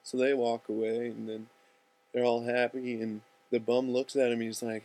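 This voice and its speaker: A young man casually and profanely rambling through a storyboard pitch. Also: flat delivery, moderate pace, darkish tone.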